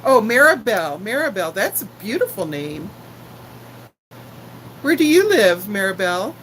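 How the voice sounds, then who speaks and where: A woman's voice: mid-range voice, big pitch swings, measured pace, a bit bright, a little hiss or hum, poor audio. A woman in her sixties hosting a casual live stream, chatting affectionately with viewers and greeting them by name. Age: 60s.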